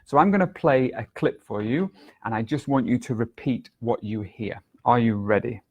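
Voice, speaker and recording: Speaking clearly and with deliberate, exaggerated intonation for demonstration, a man teaches an English exam video lesson. His pitch is medium, and the audio is dull.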